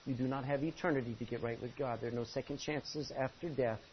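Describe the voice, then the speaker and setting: A male pastor preaching a sermon from the front of a church, impassioned, swinging from loud pleading to low intensity. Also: fairly even intonation, fast talker. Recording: dull lo-fi recording with faint hiss.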